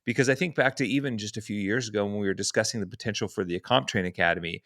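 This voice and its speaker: Low-voiced podcast host. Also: male voice, very fast, fairly bright tone, dry recording, studio quality. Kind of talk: interview questions.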